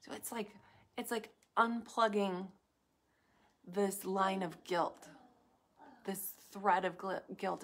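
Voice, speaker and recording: Slow, soft-spoken woman giving a reflective talk. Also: medium pitch. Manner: soft, reflective, with frequent "like" and pauses. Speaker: wellness speaker. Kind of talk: live talk to viewers.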